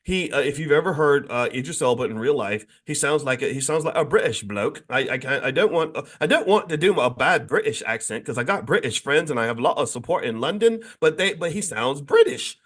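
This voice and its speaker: A man hosting a daily morning talk on finance, speaking casually and emphatically, with frequent restarts and repeated words and his pitch jumping up when he stresses a point. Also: lively intonation, fairly quick, few pauses, a bit bright. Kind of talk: casual spoken talk to an online audience.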